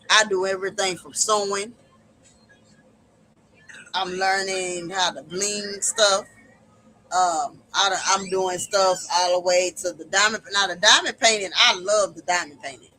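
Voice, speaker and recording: A woman's voice: on the low side, sharp tone, a little hiss or hum, low-quality recording. A woman hosting a livestream, giving impassioned, preacherly personal testimony about hard times and faith. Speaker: livestream host.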